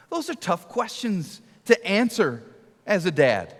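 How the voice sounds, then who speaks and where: A middle-aged man preaching a sermon to a church, telling stories and asking rhetorical questions, sometimes dropping to a hush for emphasis. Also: high voice, big pitch swings, moderate pace. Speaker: guest preacher. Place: large church auditorium. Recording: long reverb of a large hall.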